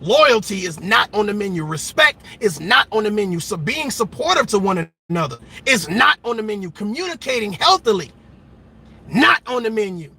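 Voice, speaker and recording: A man hosting a reaction channel, delivering a loud, emphatic and mocking rant that keeps repeating itself. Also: high voice, very animated, normal speed, gravelly, slightly rough.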